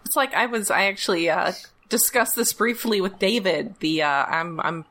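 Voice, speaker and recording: A woman's voice: medium pitch, normal speed, a bit bright, a little hiss or hum. A woman casually recapping a story for fellow hosts, chatty and laughing often, with many fillers. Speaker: podcast host.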